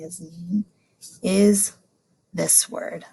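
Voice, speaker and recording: A woman teacher records a lesson for young children. She talks slowly, with a gravelly edge of vocal fry. She stresses and repeats each new word and greets it with delighted exclamations. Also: medium pitch, a little mellow. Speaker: elementary school teacher.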